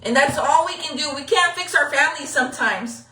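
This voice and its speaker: A woman's voice: sits high, a little fast, sharp tone, a little hiss or hum. A middle-aged woman, speaking bluntly and from the heart in a casual livestream, swearing freely. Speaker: local news livestreamer. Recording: echoey, from a distance.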